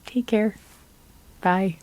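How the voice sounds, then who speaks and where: Sleepy soft-spoken woman reading tarot. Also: mid-range voice, steady tone, no room sound. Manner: soft-spoken, unhurried, trailing off with fillers. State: tired and sleepy. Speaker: tarot card reader. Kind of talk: relaxed pick-a-card reading, chatty and rambling.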